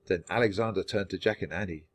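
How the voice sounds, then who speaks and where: A man narrating a children's book aloud for language learners, reading clearly and steadily. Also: deep voice, fast.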